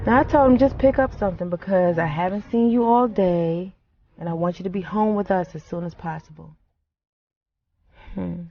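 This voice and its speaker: Brief: actress as a grieving wife, low-pitched, halting and reflective, on a dull recording with light hiss. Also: female voice, lightly acted. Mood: wistful. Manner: reflective, halting, soft-spoken. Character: grieving wife remembering her late husband. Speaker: grieving widow. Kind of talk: film monologue.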